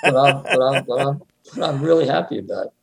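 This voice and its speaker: A man chatting as a guest on a talk show, often chuckling and repeating words when he gets excited. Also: mid-range voice, fast, vocal fry, crowd noise. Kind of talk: casual conversation. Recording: roomy echo.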